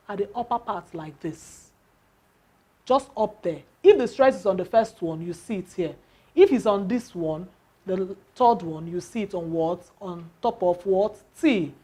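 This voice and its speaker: A woman's voice: medium pitch, a little mellow. A woman teaching a lesson on word stress, spelling out letters and asking the class rhetorical questions.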